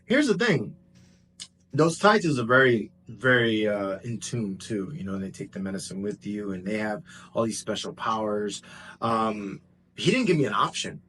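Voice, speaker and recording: A man telling a personal story in a casual, animated way, jumping between excited bursts and hushed asides. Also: fairly low pitch, moderate pace, a little hiss or hum. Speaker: vlogger.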